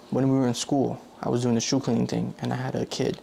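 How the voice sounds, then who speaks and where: A man's voice: mid-range voice, little pitch movement, quick pace, vocal fry, dark tone, a little hiss or hum. A young man vlogging in a loose, rambling way, correcting himself often and filling gaps with "like". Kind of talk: casual rambling monologue.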